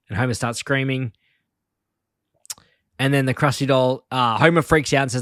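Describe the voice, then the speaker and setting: A man of middle pitch co-hosting a podcast, retelling scenes in a loose, chatty way and breaking into laughs as he quotes lines. The sound is dry and close, with no room around it. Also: fairly even intonation, fairly quick, a bit bright, no echo. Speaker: podcast co-host. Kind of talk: casual chat recapping an episode.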